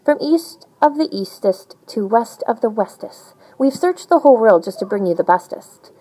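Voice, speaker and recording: A woman reads a rhyming picture book aloud in a bouncy, sing-song way. Her pitch rises and falls widely from line to line. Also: normal speed, husky, poor audio. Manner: animated, sing-song storytelling. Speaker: storybook reader.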